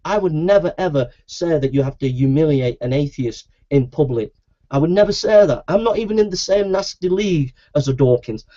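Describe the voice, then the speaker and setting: A man's voice: on the high side, animated, a little fast, dark tone. A man, a Christian preacher speaking straight to his webcam in a heated, aggrieved monologue that keeps circling back on itself. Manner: aggrieved, repetitive, insistent. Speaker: Christian preacher and video maker. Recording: dull lo-fi webcam audio.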